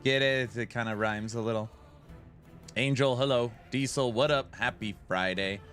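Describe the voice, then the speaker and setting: A man's voice: medium pitch, normal speed, fairly bright tone, soft background music. A man hosting his own game live stream in a loose, joking way, greeting viewers in chat by name. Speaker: streamer host.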